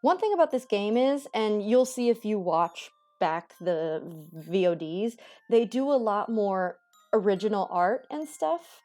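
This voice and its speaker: A woman's voice: mid-range voice, sing-song, a little slow, a little mellow, soft background music. A young woman streaming a game, chatting casually and joking about what she reads. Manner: giggly, joking asides. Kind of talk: casual let's-play commentary.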